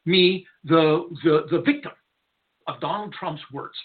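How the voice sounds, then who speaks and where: A man's voice: on the high side, unhurried, a little hiss or hum. A man hosting a talk radio show, delivering a blunt, irreverent, rambling monologue from a studio. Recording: narrow tinny lo-fi audio.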